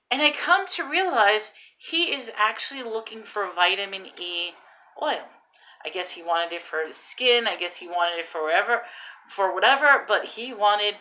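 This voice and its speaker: A woman with a bright, sharp tone recounts a customer encounter from her retail job. She talks casually and laughs at herself as she goes. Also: mid-range voice, lively intonation, normal speed. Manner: chatty, amused, self-deprecating. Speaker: retail worker. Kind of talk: casual storytelling to camera.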